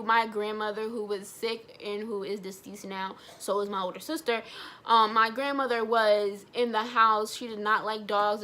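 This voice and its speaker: A young woman vlogger telling a personal story in a blunt, animated way, swearing freely. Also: a little high. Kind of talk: storytime vlog.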